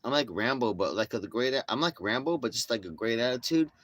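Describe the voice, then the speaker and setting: A man's voice: medium pitch, expressive, fairly quick, a bit bright, dry recording. A middle-aged man hosting a livestream, telling rambling, profane stories full of acted-out quotes in a casual chat style. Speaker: livestream host.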